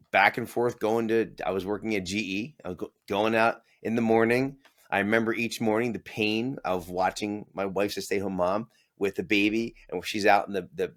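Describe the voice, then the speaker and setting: A man in his forties, a business owner telling his story in a casual interview, acting out the voices of people he quotes and laughing often. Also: lowish voice.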